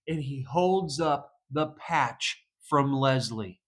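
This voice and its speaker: A man from the United States, a police psychologist, telling stories in a casual vlog, animated and laughing often. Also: a little high, normal speed, hardly any pauses.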